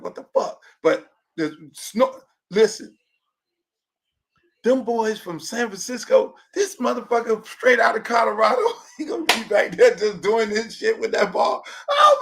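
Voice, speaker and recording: A man hosting his own show, ranting loudly and profanely about sports and politics, laughing and shouting as he goes. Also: high voice, vocal fry. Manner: loud, profane, laughing, animated rants. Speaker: show host. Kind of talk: casual commentary on sports and politics.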